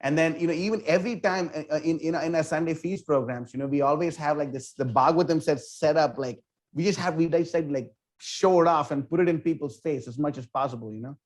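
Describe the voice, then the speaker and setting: Animated man telling a story, somewhat high voice. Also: fast. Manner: animated, filler-heavy, with many "like" and "you know". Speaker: temple book distribution leader. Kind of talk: casual interview storytelling.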